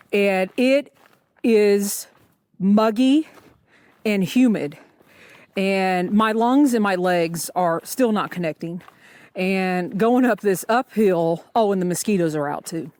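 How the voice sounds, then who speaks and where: A woman's voice: mid-range voice, darkish tone, no room sound. A woman talking in a chatty, rambling way with many fillers, vlogging outdoors while section hiking a forest trail. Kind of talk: casual trail vlog.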